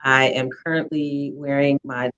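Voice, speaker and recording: A woman's voice: rumbling low, flat delivery, measured pace, a bit bright, dull audio. Poised woman state representative. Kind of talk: formal self-introduction. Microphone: video call.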